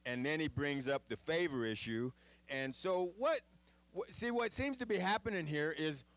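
A man preaching a sermon in an animated, chatty way, with jokes and acted-out quotes. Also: fairly high pitch, moderate pace.

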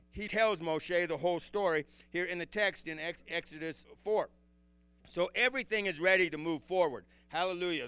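A man teaching as a pastor in an animated sermon, swinging from loud exclamations to hushed low tones and asking his listeners rhetorical questions. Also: clear, resonant tone, no echo. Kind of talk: expository sermon.

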